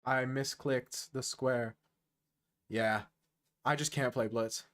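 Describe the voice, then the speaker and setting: A man streaming online chess, chatting casually and thinking aloud, quick to make fun of his own play. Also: medium pitch, fairly even intonation, a bit bright. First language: English. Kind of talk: casual live-stream commentary.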